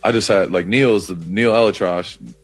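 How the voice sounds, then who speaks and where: Deep-voiced man telling a story casually. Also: moderate pace, husky, dry recording, soft background music. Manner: loose, profane, lots of "like" fillers. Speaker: football player on a podcast.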